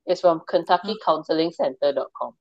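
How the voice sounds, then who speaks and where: A woman's voice: deep voice, a little fast, no room sound, lo-fi sound. A woman co-hosting a casual podcast chat, talking in a chatty way and reading sources aloud. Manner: chatty, reads sources aloud, laughs at herself. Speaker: podcast co-host. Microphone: remote call.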